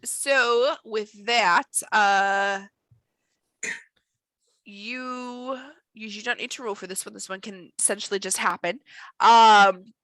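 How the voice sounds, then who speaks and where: A woman narrating as game master of a tabletop role-playing game, relaxed, with many fillers. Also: medium pitch, dry recording, low-quality recording.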